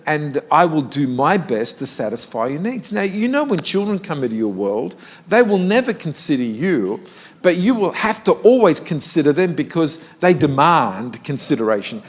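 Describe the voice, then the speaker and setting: An older man, a pastor, preaching a conversational sermon in church and rising in pitch when he stresses a point.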